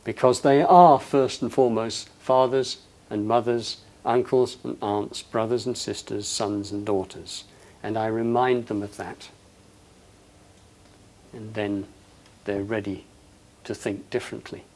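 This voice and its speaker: A man's voice: fairly low pitch, steady tone, measured pace, a little hiss or hum. Passionate man giving a talk. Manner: passionate, emphatic, rises loud on quoted lines. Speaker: speaker. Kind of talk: talk to an audience.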